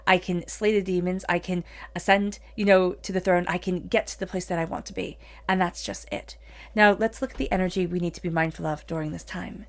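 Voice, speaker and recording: A woman's voice: lowish voice, fairly even intonation, fairly quick. A woman giving a solo tarot reading in an earnest, encouraging manner, with many "you know"s. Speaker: tarot reader.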